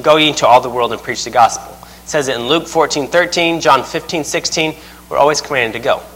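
A man's voice: mid-range voice, a bit bright. A man preaching a sermon as a missionary, telling stories with a chuckle in a folksy way. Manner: chuckles through his own anecdotes, folksy. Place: church sanctuary. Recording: long reverb of a church hall.

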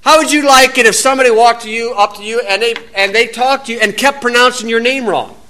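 A man's voice: extremely high pitch, fast talker, pushed and bright. A man with an American accent giving an informal, folksy Bible teaching outdoors, wandering into asides and rising to emphatic preaching.

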